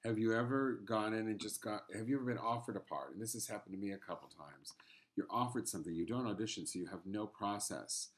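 A man hosting an interview show, chatty and quick to break in with disbelief. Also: lowish voice. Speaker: host. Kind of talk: casual interview chat.

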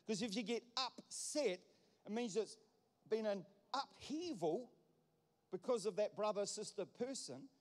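A man's voice: high voice, lively intonation, unhurried. A man pastor preaching a sermon, emphatic and repetitive, building points through wordplay. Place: church hall. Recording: long church hall reverb.

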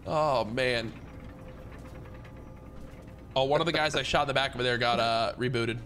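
A young man streaming a game, talking fast and excitably while joking with a friend. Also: mid-range voice, faint music behind. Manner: excitable, rapid-fire, joking. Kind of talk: casual gaming chat.

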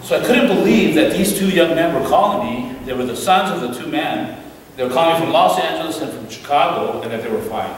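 A man giving an animated storytelling talk as a guest speaker at a church, acting out the voices in his stories. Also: on the high side, brisk, a little hiss or hum. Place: church hall. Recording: echoey hall from far off, faint ambience.

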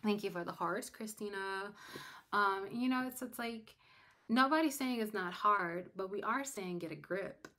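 A young adult woman hosting a casual livestream chat. She talks to her viewers directly, animated and emphatic. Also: medium pitch, a little slow. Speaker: livestream host.

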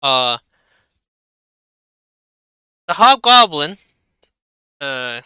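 A man narrates a tabletop game as its game master, talking loosely with lots of fillers. His voice is very bright and crisp, pitched a bit high for a man, and recorded dry and close. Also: sing-song, slow, dry recording, low-quality recording. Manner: loose and chatty, full of fillers and restarts.

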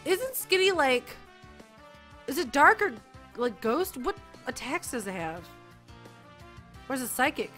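A young woman gamer with a very high, bright voice, narrating her play. Her pitch leaps around in lively swings, she giggles a lot, and she jumps from squealing outbursts to low mumbling. Game music plays faintly behind her. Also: a little slow, long pauses. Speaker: gaming YouTuber. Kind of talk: excited let's-play commentary.

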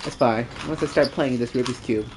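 A man's voice: mid-range voice, brisk, noisy background. A man streaming a shooter game, chatting casually and rambling a little, with fillers and self-corrections. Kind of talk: casual chat while gaming.

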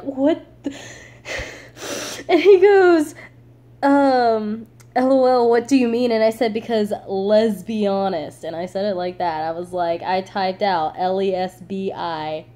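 A woman in her late teens, vlogging casually and telling a story in a chatty, animated way, full of "like" and laughter. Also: mid-range voice.

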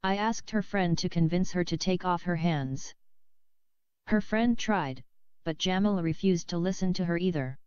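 A woman reading a novel aloud in a measured, steady way, close to the mic, on a slightly dull lo-fi recording. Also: lowish voice, smooth, no room sound. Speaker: audiobook reader.

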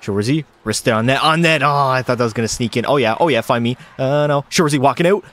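A man with a medium-pitched voice talks quickly while streaming a hockey video game. He's an excitable gaming streamer calling the plays live and chatting with his viewers. Faint music plays behind him.

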